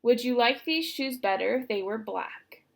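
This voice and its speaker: A woman voicing a gentle, patient young girl. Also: on the high side, moderate pace, vocal fry.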